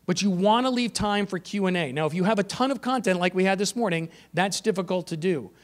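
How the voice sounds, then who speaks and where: Energetic high-voiced man presenting. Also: fairly quick. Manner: energetic, emphatic, varies pace for effect. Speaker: presenter at a teacher training conference. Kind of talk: conference presentation. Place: conference room.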